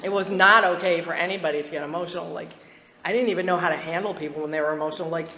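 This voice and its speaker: A woman's voice: on the low side, fairly even intonation, racing, sharp tone. Woman sharing her story in an echoey hall. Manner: candid, chatty, laughs often, restarts sentences. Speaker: recovery meeting speaker. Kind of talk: personal testimony at a twelve-step meeting. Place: meeting hall. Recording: echoey hall, faint background noise.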